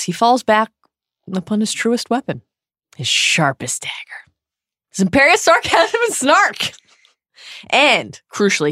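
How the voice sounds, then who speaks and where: A woman co-hosting a podcast, animated and laughing often as she discusses a book. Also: medium pitch, no room sound, clean studio sound. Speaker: podcast co-host.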